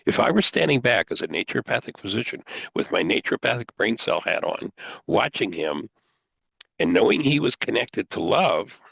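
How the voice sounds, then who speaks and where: An older man hosting a talk show, teaching in an animated way and acting out the quoted dialogue. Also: low-pitched, creaky, breathy edge, dry recording, low-quality recording. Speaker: host.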